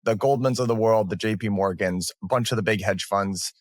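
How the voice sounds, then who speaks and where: A man's voice: on the low side, brisk, no room sound, clean studio sound. A man hosting a markets podcast, walking through economic data in a conversational way with fillers. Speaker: podcast host. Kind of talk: casual market chat.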